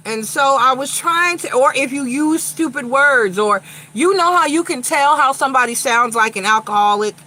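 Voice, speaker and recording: A woman's voice: high-pitched, animated, normal speed, pushed and bright, rough recording. A woman from Long Island, New York with a Long Island accent touched by a slight Southern tinge, a tarot reader chatting bluntly and profanely during a casual livestream.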